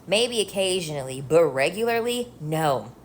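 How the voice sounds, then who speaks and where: A woman's voice: on the low side, lively intonation, moderate pace, a little hiss or hum. A woman giving her dating opinions in a confident, matter-of-fact, lecturing way.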